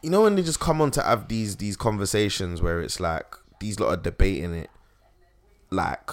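A young man chatting casually, animated and swearing freely. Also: low-pitched, normal speed. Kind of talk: casual podcast chat.

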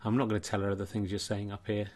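A man's voice: lowish voice, little pitch movement, quick pace, a little mellow, pitched below the performer's own voice, lightly acted. Brief: male comic voicing a female alter ego, plain voice, earnest and rueful. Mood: firm. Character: female alter ego, a wistful snooker loser.

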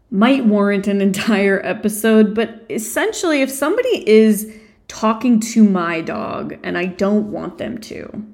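A woman's voice: medium pitch, a little mellow. A woman hosting a dog training podcast, answering listener questions in a direct, assertive way. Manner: direct, assertive advice-giving.

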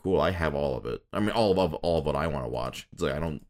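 Man, very low voice, casual chat, rambling, restarts, eager. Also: animated, fast talker, hardly any pauses, darkish tone. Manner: rambling, restarts often, enthusiastic about favorites.

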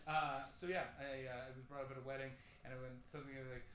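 Guy in his 30s doing standup, crude rambly stories, bright voice, echoey club. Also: mid-range voice, flat delivery, fast, few pauses, slight background noise. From Canada. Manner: rambling, self-deprecating storytelling with crude asides. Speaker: stand-up comedian. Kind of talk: stand-up comedy set.

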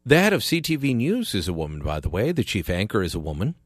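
A man hosts a call-in talk radio show, pushing his opinions with sarcastic, emphatic delivery. His pitch swings widely as he argues. The studio sound is dry and close. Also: huge pitch swings, quick pace, no echo. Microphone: studio microphone.

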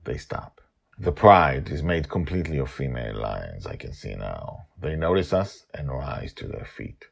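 Older male storyteller, very deep and gravelly, lively delivery for a serialized tale. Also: moderate pace. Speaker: storyteller and podcast host. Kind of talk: storybook narration.

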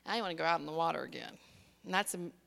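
A woman's voice: deep voice, racing, vocal fry. An older woman, a pastor telling a personal story in a conversational sermon and acting out the people she quotes. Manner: lively, conversational, acts out quoted voices. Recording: long hall reverb.

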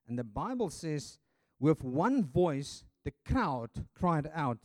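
A man preaching a sermon dramatically, swinging from loud passages to hushed ones, with hesitant fillers and restarts. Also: medium pitch, animated, slow pace, no room sound.

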